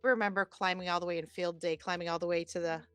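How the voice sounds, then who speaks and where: A woman in her forties, a podcast host, telling a personal story in an animated, chatty way. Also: lowish voice, quick pace, smooth, dry recording, faint music behind. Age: 40s. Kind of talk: casual storytelling chat.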